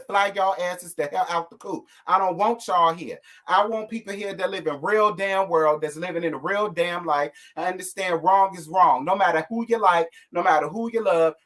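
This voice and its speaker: A man's voice: high-pitched, fairly bright tone. A man hosting a live stream, ranting bluntly and sassily at his viewers, cursing freely. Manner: sassy, fired-up, blunt with cursing. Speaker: host. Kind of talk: casual live-stream rant.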